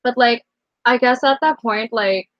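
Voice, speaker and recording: A woman's voice: a little high, a little slow, no echo, lo-fi sound. A young woman in her late teens rambling emotionally through a casual storytime vlog, full of fillers. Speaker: vlogger.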